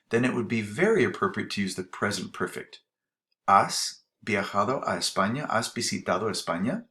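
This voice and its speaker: Male Spanish teacher, lowish voice, patient explainer for a recorded grammar lesson. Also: fairly bright tone. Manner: explains patiently with spoken examples. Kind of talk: grammar tutorial.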